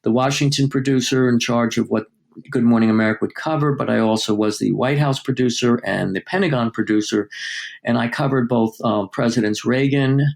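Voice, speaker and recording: An older male journalist, a guest in an interview, telling stories with lively acted-out dialogue and plenty of fillers. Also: mid-range voice, a little fast, vocal fry. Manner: lively anecdote-telling, acting out quoted dialogue, many fillers. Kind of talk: storytelling in a podcast interview.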